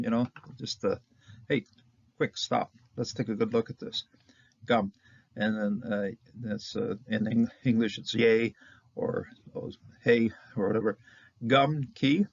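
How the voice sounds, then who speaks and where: Man, gravelly low voice, informal grammar lecturer who chuckles and checks in often; dry, dull-sounding recording. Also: no echo. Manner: chatty, with chuckles and frequent "uh" and "okay?". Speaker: Hebrew grammar teacher.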